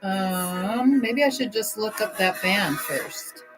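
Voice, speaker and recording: Over music, a middle-aged livestreamer with a medium-pitched voice takes song requests and casually chats with her viewers. She's gentle and sympathetic, thinking out loud and pausing often.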